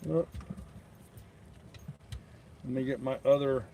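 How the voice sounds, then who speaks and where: A man's voice: mid-range voice, steady tone, slow, creaky, mellow, slight background noise. An older man hosting a casual live stream from his boat in a harbor, talking in an easygoing, chatty way and laughing often. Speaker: host. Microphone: handheld camera or tablet.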